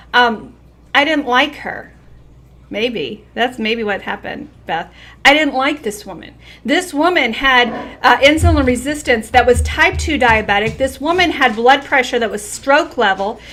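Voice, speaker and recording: A woman's voice: on the high side, sharp tone. A middle-aged woman health coach giving an earnest, emphatic motivational talk to her viewers. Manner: earnest and emphatic, with repeated phrases.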